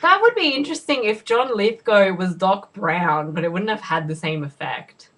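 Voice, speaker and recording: A woman hosting a casual podcast, chatty and quick to laugh. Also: mid-range voice, expressive, a bit bright. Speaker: podcast host. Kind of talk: casual chat.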